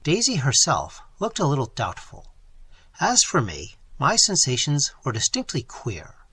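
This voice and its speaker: A man reading a first-person story aloud in an expressive, animated way. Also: medium pitch, a little slow, husky. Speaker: audiobook reader.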